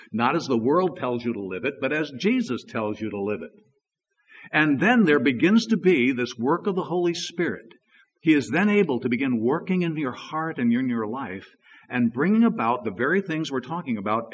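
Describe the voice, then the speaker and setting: Male pastor, husky voice, chatty storytelling sermon, long hall reverb. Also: mid-range voice. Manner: conversational storytelling preacher, many "you know" asides.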